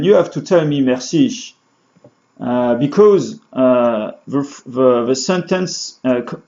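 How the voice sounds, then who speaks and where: A man in a beginner lesson talks very slowly, often stalling on fillers and restarting his sentences. His voice sits a little high for a man. The recording is dull and lo-fi. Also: dark tone. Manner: halting, many fillers and restarts. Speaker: French teacher. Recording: dull lo-fi sound.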